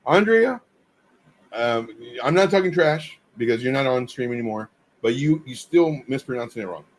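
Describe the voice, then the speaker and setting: A man's voice: medium pitch, fairly quick, slight background noise. A man co-hosting a casual livestream chat, blunt and teasing, often restarting his sentences.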